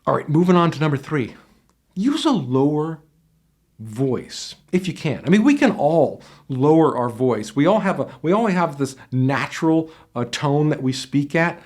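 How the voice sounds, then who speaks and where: A man's voice: a little high, a little mellow. A man giving casual, conversational advice on job interviews and sometimes demonstrating how voices change as he explains. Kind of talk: instructional talk to camera. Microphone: headset microphone.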